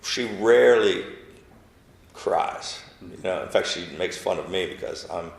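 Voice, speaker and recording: Low gravelly man telling his story. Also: expressive, reverberant. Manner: halting, emotional, many restarts, drops to a soft voice when quoting. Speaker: interview guest. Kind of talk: personal storytelling interview.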